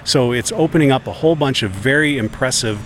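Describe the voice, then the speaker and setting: A man's voice: mid-range voice, quick pace, a little hiss or hum. A man co-hosting an aviation radio show, confidently explaining technical points at an outdoor expo. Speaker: radio show co-host and pilot. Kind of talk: explanatory casual talk.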